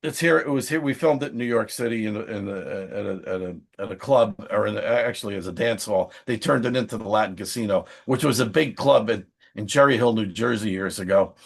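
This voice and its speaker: A man who sings and acts, telling chatty, animated anecdotes in a casual interview. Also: fairly low pitch, fairly quick, gravelly, few pauses. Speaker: singer, songwriter and screen actor.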